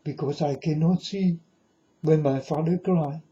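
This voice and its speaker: A man giving an earnest, halting religious monologue to camera in non-native phrasing. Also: fairly high pitch, dark tone, dull audio. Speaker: religious video maker.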